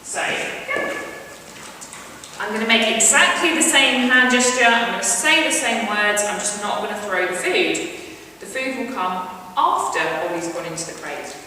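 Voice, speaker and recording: A young woman talks through a dog training exercise at home, steady and explanatory, with quick high praise for her dog. Her voice sits a little high. It is picked up from across an echoey room with a long reverb tail. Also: distant mic, a little hiss or hum. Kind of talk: instructional demonstration.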